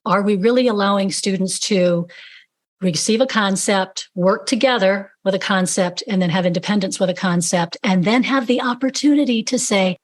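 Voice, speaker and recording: A woman's voice: mid-range voice, normal speed. A woman who teaches reading to older students, talking enthusiastically and emphatically in a casual podcast discussion. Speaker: reading educator and podcast panelist.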